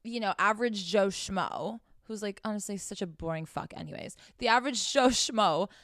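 A woman's voice: mid-range voice, moderate pace, fairly bright tone, no echo, studio quality. A young woman hosting a frank, casual monologue, blunt and profane as she talks straight to her listeners. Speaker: host.

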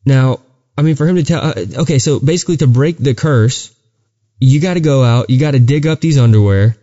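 A mellow, mid-range man's voice moves a little fast over lo-fi audio. As a podcast co-host, he tells his faith story casually and earnestly, repeatedly stumbling and beginning again.

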